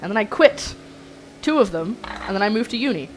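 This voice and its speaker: Excitable young woman cooking on stream. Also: mid-range voice, brisk, slight background noise, poor audio. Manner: excitable, flustered, chatty with chat. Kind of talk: casual cooking livestream chat.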